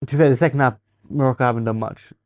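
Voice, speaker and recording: A young man with an English accent hosting a casual football watchalong stream, teasing viewers and thinking out loud. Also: mid-range voice, steady tone, racing, no room sound.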